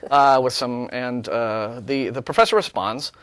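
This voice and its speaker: A man's voice: mid-range voice, measured pace, fairly bright tone, smooth, no echo. A man co-hosting a talk show, chatting casually in a sarcastic, rambling way with many restarts. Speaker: co-host of a call-in show. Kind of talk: casual chat.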